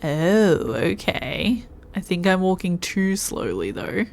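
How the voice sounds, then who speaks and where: A woman's voice: on the low side, sing-song, slow pace, gravelly. A woman streaming a video game, thinking aloud and musing to herself as she plays. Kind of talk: casual gameplay commentary.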